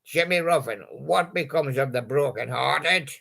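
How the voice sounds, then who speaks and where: A man's voice: medium pitch, measured pace, vocal fry, a bit bright. A male host making playful, punning patter about old song titles and chuckling at his own jokes.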